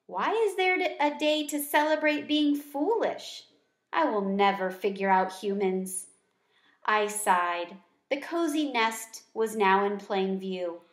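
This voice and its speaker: A woman reading a children's book aloud in a gentle, expressive storyteller voice. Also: on the high side. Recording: echoey room.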